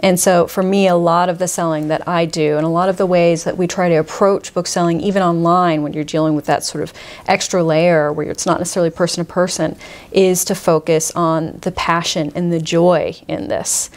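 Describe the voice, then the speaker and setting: A woman's voice: lowish voice, fairly even intonation, fairly quick. Enthusiastic woman rare book dealer. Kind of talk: conversational interview.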